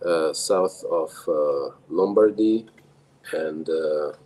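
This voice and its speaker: A deep, mellow-voiced man speaking English with an Italian accent, his first language being Italian. He talks haltingly, reaching for the right words, as a guest in a relaxed chat. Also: low-quality recording. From Emilia, Italy. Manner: hesitant, searching for words with many fillers. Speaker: guest brewery owner. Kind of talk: casual chat.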